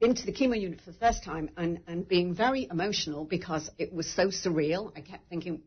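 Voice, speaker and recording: A woman with a husky, slightly low voice talks openly about getting through breast cancer. She rambles a little and laughs through tears. The recording sounds muffled. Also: brisk, hardly any pauses. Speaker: breast cancer survivor guest. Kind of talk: emotional personal story in a conversation.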